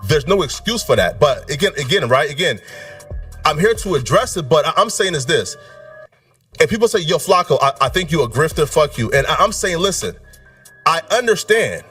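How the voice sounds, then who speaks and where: Man in his 20s, hesitant and apologetic, slightly high voice, faint music behind. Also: big pitch swings, normal speed, a bit bright. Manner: hesitant, repeats fillers like right and bro. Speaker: guest in a played clip. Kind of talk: explaining himself in a casual talk.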